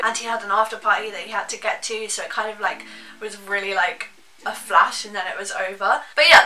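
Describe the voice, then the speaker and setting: A woman's voice: mid-range voice, pushed and bright, echoey room, distant mic, poor audio. A young woman telling a casual storytime, chatty and full of "like". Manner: chatty, heavy use of "like". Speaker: vlogger.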